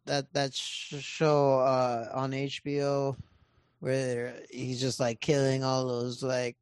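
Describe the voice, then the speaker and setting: A man who is a podcast guest in casual chat, talking haltingly with many fillers and some swearing. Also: mid-range voice, monotone, clear, resonant tone, no room sound. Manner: halting, filler-heavy, profane.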